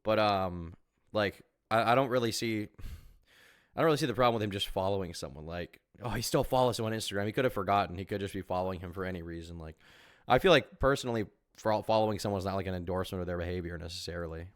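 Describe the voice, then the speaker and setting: A man with a fairly low voice talks quickly through live-stream reaction commentary. He rambles and argues, leaning on fillers, and the sound is dry and close. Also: no room sound. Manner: rambling, filler-heavy, argumentative.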